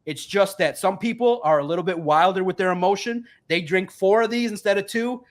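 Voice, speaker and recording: A man in his forties, a guest who writes about sports, speaks in a high, brisk voice. He presses his point emphatically and keeps repeating it in a heated sports debate.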